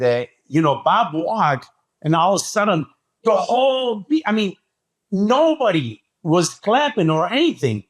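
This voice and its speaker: A man telling a story as a podcast guest, talking excitedly and acting out what people said. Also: fairly high pitch. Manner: acts out quoted dialogue, excitable. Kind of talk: animated storytelling.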